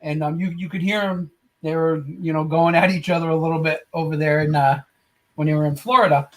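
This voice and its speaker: Higher-pitched man, halting fond recollection. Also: steady tone, poor audio. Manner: halting storyteller with many fillers. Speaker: guest. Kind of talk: casual chat.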